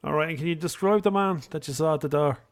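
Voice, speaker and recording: Prank host playing it straight. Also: male voice, on the high side, quick pace, a little hiss or hum. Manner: mock-official, probing questions. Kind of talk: prank phone call.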